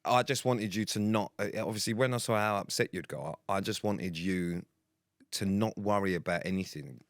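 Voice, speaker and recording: Low-voiced earnest man. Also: moderate pace, dry recording, clean studio sound. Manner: earnest and supportive, with blunt swearing. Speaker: podcast co-host. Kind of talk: casual chat. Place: podcast studio.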